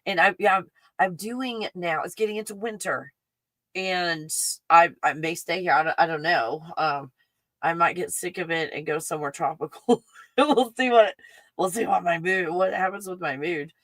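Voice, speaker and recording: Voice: mid-range voice, moderate pace, bright, forceful tone, dry recording, low-quality recording. A livestream host at home, chatting in a scattered, casual way, laughing often and talking to a puppy between thoughts. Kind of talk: casual rambling livestream chat.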